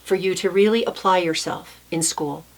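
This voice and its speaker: A woman voicing her wise, loving male cat, speaking to her in a gentle, encouraging way. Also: lowish voice, moderate pace. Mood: tender.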